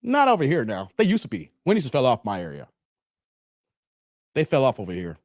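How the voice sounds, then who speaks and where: A man hosting a casual livestream chat, talking in an animated, slangy, rambling way and laughing often. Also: mid-range voice, brisk, no room sound, clean studio sound. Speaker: show host.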